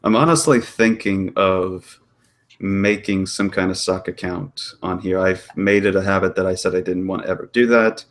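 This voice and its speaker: A man's voice: deep voice, fairly even intonation, normal speed. A man talking wryly and hesitantly in a casual group chat over a video call.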